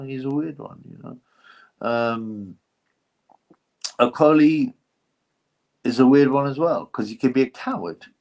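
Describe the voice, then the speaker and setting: A man's voice: mid-range voice, vocal fry. A middle-aged man hosting a live stream, chatting loosely and reading out donations with plenty of slang, swearing and fillers. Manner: rambling, slangy, swears freely, lots of fillers.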